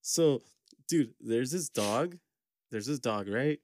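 Lively slangy man, dry close mic. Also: mid-range voice, takes it slowly, no room sound. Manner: slangy, laughing, says "fool" and "dude" a lot. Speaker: podcast co-host. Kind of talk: casual chat.

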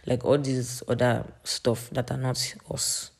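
A young woman in her late teens talks through a faith podcast monologue. Her voice is dark and husky with a gravelly edge. She stays earnest and rambling, full of fillers. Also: a bass voice, level tone, slow pace. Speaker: podcast host.

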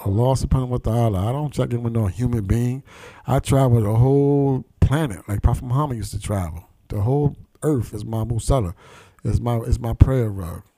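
Man: dark-voiced streetwise storyteller. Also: mid-range voice, fairly quick, dry recording. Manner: streetwise, profane, animated storytelling, acting out quoted voices. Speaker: podcast host. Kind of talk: casual conversation, storytelling.

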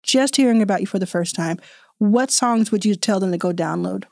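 A woman's voice: medium pitch, a little fast, creaky, a little mellow, dry recording. Woman podcast host, teasing and emphatic, mid-range voice, dry recording. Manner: upbeat, teasing, emphatic repeats. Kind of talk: casual interview chat.

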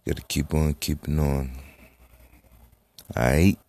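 A man's voice: extremely low pitch, little pitch movement, slow pace, creaky, mellow, no echo. A man hosting his own podcast, talking in a loose, rambling, profane way with lots of fillers. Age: adult, has a daughter. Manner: rambling, profane, laid-back. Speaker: podcast host. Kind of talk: casual solo podcast talk.

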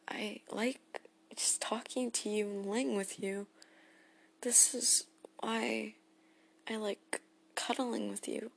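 A woman voicing a gentle, goofy teenage boy hero who speaks as an affectionate boyfriend in a role-play audio, soft-spoken and prone to giggles. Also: mid-range voice, gravelly, husky, exaggerated voice. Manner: soft-spoken and tender, breaking into giggles when tickled.

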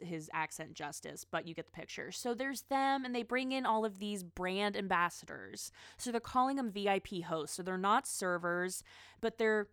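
A woman's voice: medium pitch, lively intonation, normal speed, fairly bright tone, clear, resonant tone, dry recording, clean studio sound. A woman in casual chat, rambling about pop culture with frequent restarts and asides.

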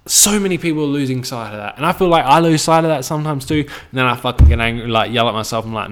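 A man's voice: mid-range voice, fast, few pauses, clear, resonant tone. An Australian man hosting a podcast, ranting casually with blunt, heavy swearing and a preachy tone. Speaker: podcast host.

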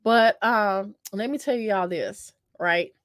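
A woman's voice: medium pitch, slow, no echo, studio quality. A woman telling a personal story to her viewers in a chatty, self-mocking way, full of fillers and repeats, calling them "y'all". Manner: talks with many fillers and repeats. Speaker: vlogger telling a dating story. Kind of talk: casual storytelling to camera.

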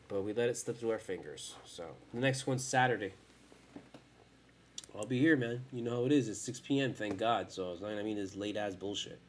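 A man's voice: lowish voice, fairly quick, slight background noise. A tired man hosting a fan podcast, ranting in a profane, rambling and heated way late at night. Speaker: sports fan podcast host. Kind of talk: casual rant.

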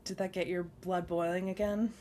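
Podcast co-host, woman, lowish voice, laughs a lot, faint hiss behind. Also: little pitch movement, warm tone. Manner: giggly, playful, quick asides. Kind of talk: casual movie podcast chat.

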